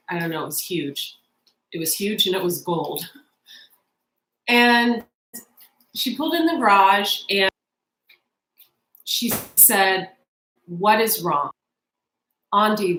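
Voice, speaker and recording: Woman in her 40s doing a tarot reading, chatty and emotional, mid pitch, echoey room. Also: a bit bright. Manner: chatty, emotional, talks straight to viewers. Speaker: tarot reader. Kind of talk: casual tarot reading with personal storytelling.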